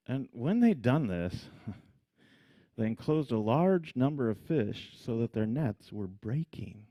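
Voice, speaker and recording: A man preaching a sermon, telling the story with animated energy, frequent laughs and acted-out scenes. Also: mid-range voice, slow pace, no echo. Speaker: pastor.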